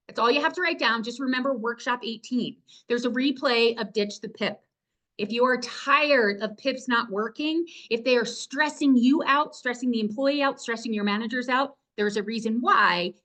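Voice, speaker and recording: A woman's voice: on the high side, moderate pace, fairly bright tone. A woman presenting a video-call workshop, talking to her audience with enthusiasm and urging them to join in. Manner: enthusiastic, upbeat, direct to audience. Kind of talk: energetic webinar teaching.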